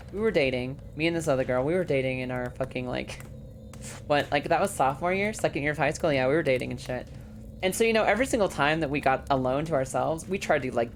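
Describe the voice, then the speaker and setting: A woman's voice: sits low, slight background noise. A woman in her thirties streaming a game, chatting loosely, swearing freely and laughing through her stories. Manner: loud, crude, swears a lot, laughs often. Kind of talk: casual game commentary and storytelling.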